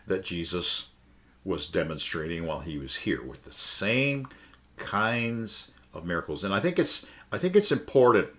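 A man preaching in a conversational sermon, pressing his listeners with one rhetorical question after another. His voice sits fairly low but sounds bright, and it swings widely in pitch. He takes his time, leaning hard on key words. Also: big pitch swings, normal speed. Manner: emphatic, asks the listeners many rhetorical questions. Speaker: Bible teacher.

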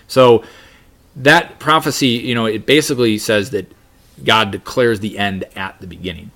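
A lowish, fairly bright male voice at a moderate pace belongs to a man teaching Bible study. He reads scripture out loud and works through it, often restarting and leaning on fillers.

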